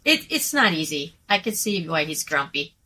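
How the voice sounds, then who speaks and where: A woman's voice: low-pitched, moderate pace, slightly rough. A woman guest in casual chat, telling stories with lots of laughter and swearing. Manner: laughs often, animated storytelling with voiced quotes; swears freely. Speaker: musician guest.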